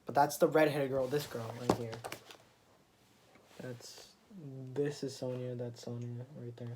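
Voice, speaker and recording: A man's voice: medium pitch, flat delivery, unhurried, heavy background noise. A man casually recapping a comic issue, rambling with many fillers and restarts as he retells scenes. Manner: retells scenes with quoted lines. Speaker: comic book reviewer.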